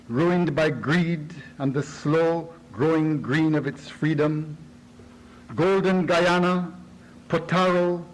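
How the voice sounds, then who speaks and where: A man reading poetry in a slow, rhythmic, chanting delivery. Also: a little high, poor audio.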